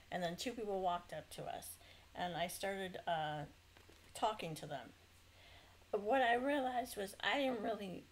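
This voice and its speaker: A woman's voice: mid-range voice, a little hiss or hum, low-quality recording. A middle-aged woman from Northern California recounting a dream in a casual, rambling testimony, full of fillers and self-corrections.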